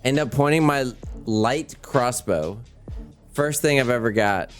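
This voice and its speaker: A young man playing a tabletop game, excitable and joking, with frequent swearing. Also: mid-range voice, measured pace, faint music behind. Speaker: player.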